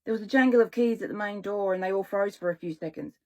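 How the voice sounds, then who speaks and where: A woman and children's author reading her own story aloud in a relaxed way, now and then correcting herself. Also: mid-range voice, fast talker, poor audio.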